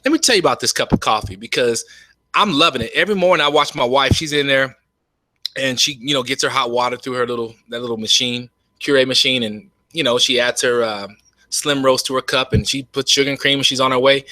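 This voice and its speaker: A man giving an enthusiastic, folksy webinar sales pitch from home, often saying "you all". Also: fairly quick, bright, forceful tone, no echo. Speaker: network marketing presenter. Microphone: webcam.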